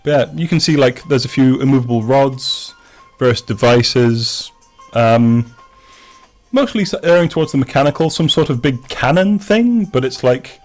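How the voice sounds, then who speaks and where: A man's voice: mid-range voice, moderate pace, faint music behind. A man narrating as game master of a tabletop game, rambling with many restarts and fillers.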